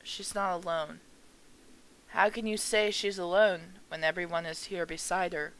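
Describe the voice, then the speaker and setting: A woman reading a visual novel aloud for viewers, calm and measured. Her voice is smooth and a little low, and she takes her time over every line. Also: low-quality recording. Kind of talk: reading game dialogue aloud.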